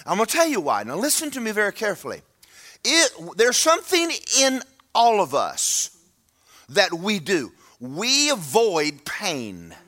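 A man's voice: high-pitched, wildly swooping pitch, measured pace, pushed and bright. A man, preaching a sermon to his church in a folksy, humorous, emphatic way. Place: church sanctuary.

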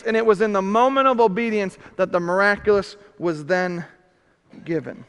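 A male pastor preaching a sermon, animated, swinging from loud emphasis to hushed questions. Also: high-pitched, moderate pace, clear, resonant tone. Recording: reverberant hall.

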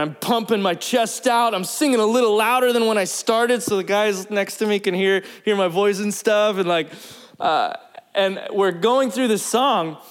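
A man preaching, telling a personal story in a lively, animated way and acting out the quotes. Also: high voice. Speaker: pastor. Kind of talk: storytelling sermon.

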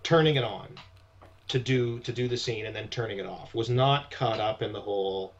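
A man's voice: fairly low pitch, normal speed. A man, an actor appearing as a guest, chatting casually in an interview, rambling and restarting his thoughts as he goes. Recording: dull lo-fi sound.

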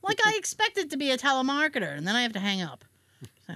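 A woman hosting a podcast tells a story in casual chat, swearing a lot and acting out both sides of phone calls. Her fairly high voice is very animated, quick and a bit bright, in a dry recording.

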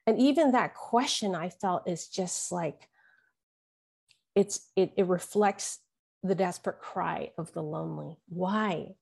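A woman in her forties telling an earnest, halting personal story as an interview guest. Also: on the low side, creaky, a little mellow, husky. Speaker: guest, author and podcaster.

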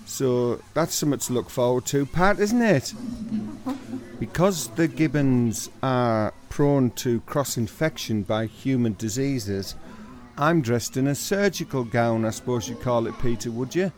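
A man's voice: mid-range voice, unhurried. A man who presents a comedy sketch as a chatty running commentary. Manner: chatty running commentary, bursts into loud outbursts. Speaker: comic presenter.

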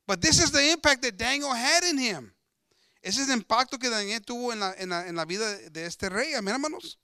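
A man with a very high, pushed and bright voice preaches an emphatic bilingual sermon, switching between Spanish and English. He talks fast with lively intonation, repeats himself, and often calls out to the congregation as brothers. The clean, dry recording is studio quality.

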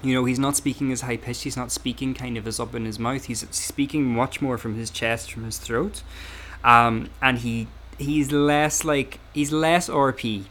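A man's voice: medium pitch, fairly even intonation, normal speed, fairly bright tone, slight background noise. A man co-hosting a podcast, working through his points in casual analytical chat with many restarts. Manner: talks in repeated restarts. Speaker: podcast co-host.

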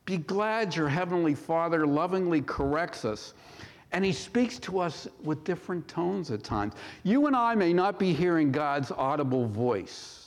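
A male pastor preaching a sermon in a church, measured and full of rhetorical questions. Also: a little high, sing-song. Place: church sanctuary. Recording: long hall reverb.

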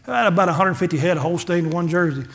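A man's voice: sits high, quick pace, fairly bright tone. A middle-aged man, a pastor giving a folksy testimony sermon and acting out the dialogue in his stories. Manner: folksy storytelling, acts out dialogue, gets emotional.

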